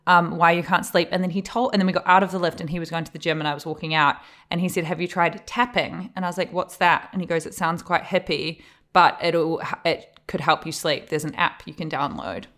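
A woman in her late twenties co-hosting a podcast, telling lively anecdotes and acting out what people said, swearing freely. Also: lowish voice, a little fast. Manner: animated storyteller, acts out quotes, swears freely. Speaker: podcast co-host. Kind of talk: casual chat.

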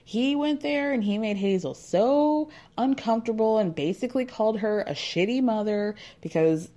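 A woman's voice: on the high side, moderate pace, warm tone. A woman hosting a casual recap, chatty and laughing often, dropping into mock voices to quote people. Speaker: recap podcast host. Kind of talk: casual chat recapping a reality show.

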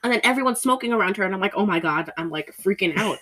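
A woman talks in a casual podcast chat, her voice in a middle pitch. She rambles animatedly and acts out bits of scenes as she goes. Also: expressive, racing, fairly bright tone, a little hiss or hum, poor audio. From Polish heritage. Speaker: podcast co-host.

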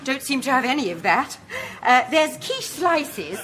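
A woman's voice: sits high, big pitch swings, measured pace, very noisy. A woman playing a polite, flustered hostess in a comedy sketch, genteel and apologetic.

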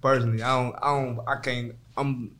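A man's voice: medium pitch, little pitch movement, fairly quick, a bit bright. A man hosting a casual chat, laid-back, with short agreeing replies. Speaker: host.

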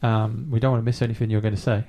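A man hosting a casual podcast chat with children, asking gentle questions with many ums and uhs. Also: mid-range voice, little pitch movement, very fast. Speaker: host.

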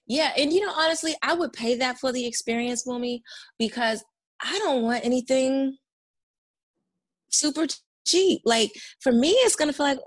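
A woman's voice: high-pitched, moderate pace. A woman co-hosting a casual chat, brash and profane, who slips into mock voices to make her point.

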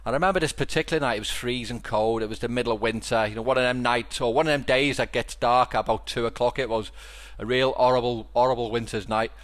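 Speaking fast with hardly any pauses, this man has a medium-pitched, slightly bright voice and fairly even intonation. He's a Scouse podcast host from Liverpool whose casual stories ramble, restarting often and repeating words.

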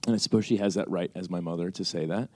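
Answering audience questions as a panelist at a live Q&A in a screening venue, an American man animatedly recounts a personal story, voicing both himself and his mother in their conversation. He speaks fast in a low voice, with no echo.

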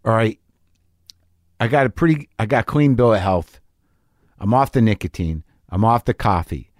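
A man's voice: on the low side, moderate pace, no room sound, clean studio sound. A man giving a rambling, self-deprecating confessional monologue as a podcast host.

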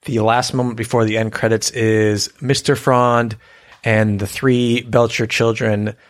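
A man co-hosting a podcast in relaxed, casual chat, thoughtful and amused. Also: mid-range voice, unhurried. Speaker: podcast co-host.

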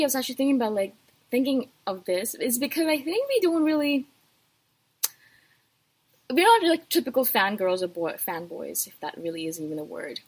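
Breathy, chatty woman podcast host. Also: mid-range voice. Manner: chatty, animated, self-deprecating. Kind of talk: casual solo talk.

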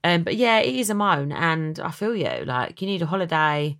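A woman's voice: very animated, fairly bright tone. A young woman hosting a podcast, chatty and dramatic in a casual chat. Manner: chatty and dramatic, quick swings in pitch. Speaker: podcast host.

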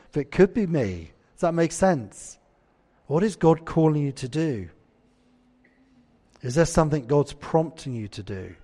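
Male preacher, slightly high voice, chatty sermon delivery, church reverb. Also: darkish tone. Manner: conversational, asks the congregation questions.

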